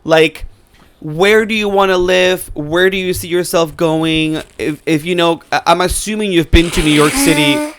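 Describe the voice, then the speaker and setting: A man's voice: a little high, moderate pace, fairly bright tone, slight background noise. Chatty, profane man giving advice. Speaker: podcast co-host. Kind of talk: casual chat. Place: New York City.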